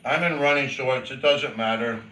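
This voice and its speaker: A man's voice: medium pitch, normal speed. A man, chatting casually in his kitchen while eating breakfast, rambling and talking with his mouth full. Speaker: vlogger. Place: home kitchen, indoors. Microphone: camera set down nearby. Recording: roomy, from a distance, faint noise.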